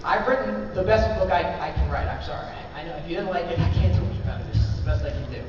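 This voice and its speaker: A man telling funny stories to a convention audience in a casual, animated way, recorded from far off in a large hall. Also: on the high side, fast talker. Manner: animated, joking storyteller. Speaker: author speaking at a convention panel. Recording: echoey hall recorded from far off, dull and noisy.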